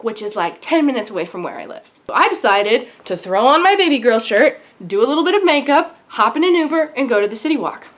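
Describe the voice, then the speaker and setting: A young woman vlogging at home, telling a fan-meeting story with hyperactive, gushing excitement. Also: fairly high pitch.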